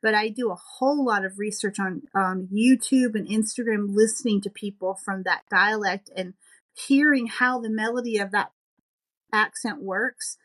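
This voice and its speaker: A woman's voice: mid-range voice, normal speed, a bit bright, poor audio. A woman who writes romance novels, a podcast guest chatting in an enthusiastic, thoughtful and modest way. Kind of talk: casual interview chat.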